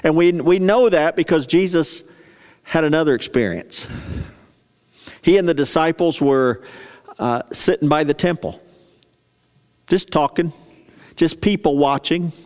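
A man's voice: a little high, unhurried, pauses often, a little mellow. A male pastor preaching a sermon in a chatty, storytelling way, often asking the congregation questions. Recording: long reverb of a large hall.

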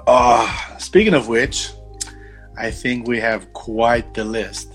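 A man's voice: medium pitch, steady tone, slow, soft background music. A man co-hosting a casual podcast, joking and rambling with lots of fillers and swearing. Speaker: podcast co-host. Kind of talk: casual chat.

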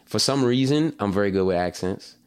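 A man's voice: lowish voice, animated, brisk, clean tone. A man chatting as a musician guest in an interview, loose and rambling, full of fillers like "like" and "you know". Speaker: singer-songwriter guest. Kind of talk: casual interview chat.

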